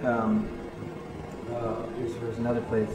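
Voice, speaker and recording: Brief: male musician guest, chatty and profane, mid-pitch, roomy echo. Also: measured pace, music in the background. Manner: animated, swears freely, laughs mid-story. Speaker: interview guest, touring musician. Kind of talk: casual storytelling. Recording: echoey room.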